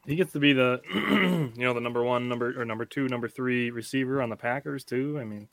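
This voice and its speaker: Halting male podcast host, dry sound. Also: mid-range voice, vocal fry, a bit bright, dry recording. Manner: halting, filler-heavy, argues points at length. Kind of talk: casual sports chat.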